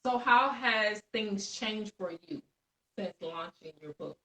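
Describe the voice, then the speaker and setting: A woman's voice: medium pitch, expressive, slow pace, pushed and bright. A woman hosting a live stream interview, encouraging her guest and laughing along with her. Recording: roomy room echo.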